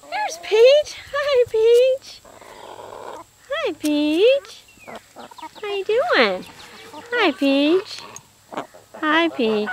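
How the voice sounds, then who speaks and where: Very high sing-song woman cooing to chickens. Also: sing-song, extremely slow, long pauses, a crowd in the background. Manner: coaxing sing-song pet talk. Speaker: mother filming her pet chickens. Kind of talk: casual home video talk to animals. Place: chicken coop, outdoors. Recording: noisy farmyard with clucking chickens.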